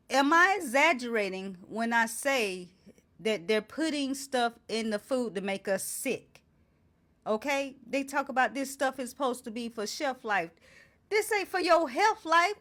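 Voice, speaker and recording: A woman hosting her own talk show speaks to camera with passion in a high voice that's pushed and bright. Indignant, she reads off ingredients and piles on repeated rhetorical questions.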